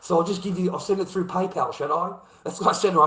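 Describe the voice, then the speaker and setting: A man's voice: high-pitched, fast talker, hardly any pauses, pushed and bright, poor audio. A man in a casual monologue, blunt and heavily profane, hammering his points home by repeating them. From Australia. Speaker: vlogger.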